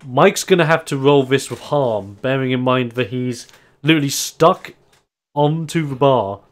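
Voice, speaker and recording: Man, game master, animated narrator who laughs a lot, plain middle pitch. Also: measured pace. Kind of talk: narrating a tabletop wrestling game.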